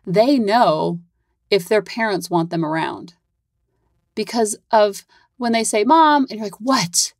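A woman's voice: medium pitch, measured pace, pauses often, darkish tone, no room sound, studio quality. Chatty Valley-girl-ish woman podcaster. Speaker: podcast host and parent coach. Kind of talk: casual podcast monologue.

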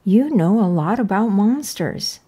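Excitable young girl, bright and raised, a woman reading her out; mellow, slow storybook delivery. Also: medium pitch, slightly rough. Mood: eager.

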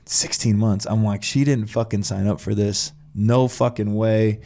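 A man with a low, gravelly voice tells his own story in casual conversation. He is blunt and swears freely, slipping into his younger self's reactions as he talks. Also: fairly even intonation, measured pace, dark tone. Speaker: podcast guest telling his story.

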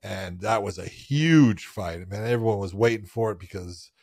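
Animated storytelling man, lowish voice. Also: moderate pace, no room sound, clean studio sound. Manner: animated storyteller, loose and profane. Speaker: podcast co-host. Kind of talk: casual sports chat.

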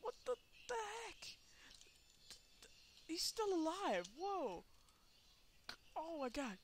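A woman giving let's play commentary, excitable, laughing and shrieking, cursing at the game. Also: extremely high pitch, slow, slight background noise. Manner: swears and exclaims at the game. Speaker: gameplay commentator.

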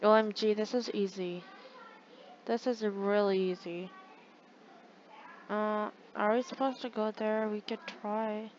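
A woman giving casual commentary over her own gameplay, excitable and chatty with her viewers, gasping and groaning at every setback. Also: mid-range voice, slow pace, long pauses, dull audio, heavy background noise. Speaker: gaming channel host.

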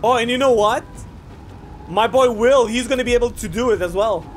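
A man giving casual let's-play commentary while he games, excitable, profane and often exasperated. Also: very high-pitched, a little fast, faint music behind. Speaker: gaming video host.

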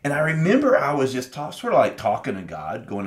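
A man's voice: medium pitch, wildly swooping pitch, brisk, hardly any pauses. A middle-aged man co-hosting a podcast, telling a personal story in an earnest, reflective way and acting out his past conversations. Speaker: podcast co-host.

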